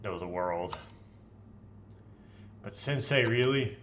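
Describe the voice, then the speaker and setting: A man's voice: fairly low pitch, takes it slowly, slight background noise. Man reading game text, dull lo-fi. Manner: expressive, playfully theatrical reading. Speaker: let's play host. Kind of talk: reading visual novel text aloud with commentary.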